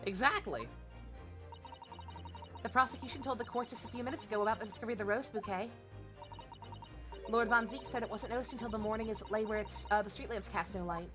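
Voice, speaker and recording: A woman's voice: on the high side, fast talker, pauses often, music in the background. A woman hosting a let's play, reading game dialogue and tossing in sarcastic, playful asides.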